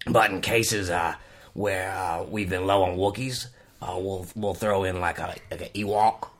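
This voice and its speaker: A man's voice: low voice, a little slow. A man playing a rambling Australian creature wrangler. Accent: put-on Australian. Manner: rambling, hesitant, deadpan improv. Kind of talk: improvised comedy interview.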